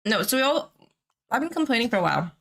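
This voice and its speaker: A woman's voice: on the high side, sing-song, quick pace. A woman hosting a casual live stream from home, rambling with lots of fillers and giggling often. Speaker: streamer and host.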